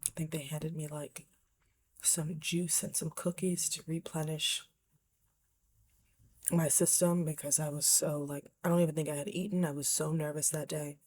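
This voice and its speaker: A woman's voice: low voice, little pitch movement, normal speed, darkish tone, breathy edge. A woman vlogger telling a personal story to camera in a candid, reflective way, often dropping to a near whisper.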